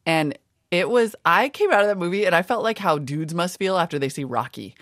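A woman's voice: lowish voice, lively intonation, a little fast, fairly bright tone, dry recording. A woman co-hosting a casual talk show from a studio, chatty and enthusiastic, prone to going off on tangents. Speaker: podcast co-host. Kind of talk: casual chat. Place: radio studio.

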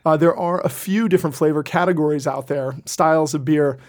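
A man's voice: a little high, fairly quick. Friendly man explaining with a lightish voice. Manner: friendly, explanatory, with small fillers. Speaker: beer expert guest. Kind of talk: conversational interview.

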